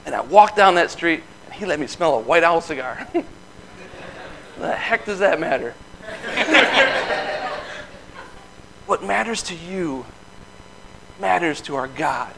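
A man in his thirties shares a personal testimony like a casual sermon. He talks in a folksy, earnest way and breaks into easy laughs, with his voice sitting a little higher than most men's. A faint hum runs under the recording. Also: lively intonation, unhurried, creaky, pauses often, a bit bright, rough recording. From Michigan. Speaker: lay speaker giving testimony.

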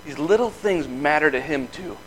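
A man's voice: on the high side, lively intonation, moderate pace, slight background noise, poor audio. Earnest man telling a folksy testimony. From Michigan. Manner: folksy, earnest storytelling with laughs. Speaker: lay speaker giving testimony. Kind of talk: informal sermon testimony.

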